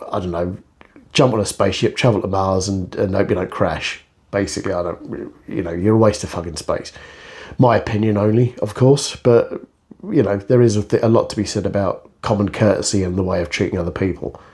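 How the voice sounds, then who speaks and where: A man's voice: sits low, fairly quick, darkish tone. A middle-aged man in a casual ranting monologue, blunt, profane and sarcastic. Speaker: vlogger.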